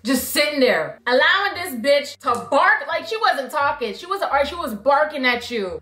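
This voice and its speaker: A young woman telling a storytime vlog in a blunt, animated and profane way. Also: high voice, moderate pace, hardly any pauses. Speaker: YouTube storyteller. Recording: roomy echo.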